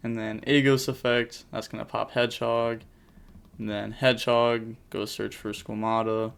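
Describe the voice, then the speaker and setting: Smooth-voiced man calling card game plays. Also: on the low side, flat delivery, a bit bright. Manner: rattles off plays in quick bursts, jokey asides. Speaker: channel host commentating card game replays. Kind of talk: casual gameplay commentary.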